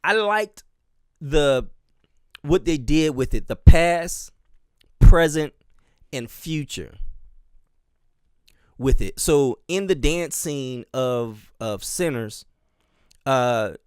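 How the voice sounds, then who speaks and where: This dance teacher from Miami and Charleston speaks with a Southern accent on his own podcast, rambling solo in a smooth, animated, mid-range voice. He goes slowly and pauses often, and his talk is loose, packed with fillers and restarts. There's no echo, just clean studio sound.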